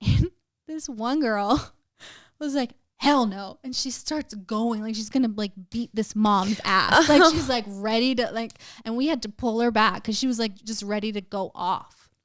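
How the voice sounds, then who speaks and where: Smooth-voiced young woman telling a story. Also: a little high, normal speed, dry recording, studio quality. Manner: emotional, many "like" fillers, swearing. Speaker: podcast guest. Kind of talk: casual storytelling.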